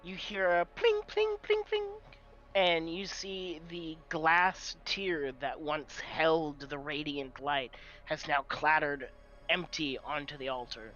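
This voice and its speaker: A game master describing scenes at the table in a slow, painted way. The voice is bright, though the recording sounds slightly dull and lo-fi. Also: medium pitch, animated.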